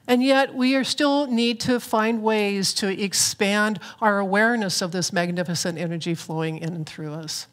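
A woman minister preaches from a church platform at a middle pitch. Her delivery is reflective and earnest, with flashes of gentle humor. It has an unhurried, spiritual-talk feel. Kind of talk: spiritual sermon.

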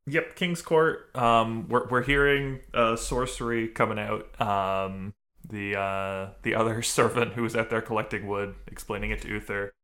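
A man's voice: fairly low pitch, steady tone, a little slow, sharp tone. A man co-hosting a casual podcast, rambling through a story with lots of ums and uhs. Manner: rambling, full of um and uh. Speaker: podcast co-host. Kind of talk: casual chat recapping a TV episode.

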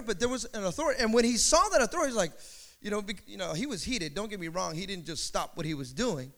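Male preacher, very high and bright voice, emphatic and direct with the congregation, in a church service. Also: lively intonation, quick pace. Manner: direct, emphatic address to listeners, repeating phrases. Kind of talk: evening sermon to a congregation.

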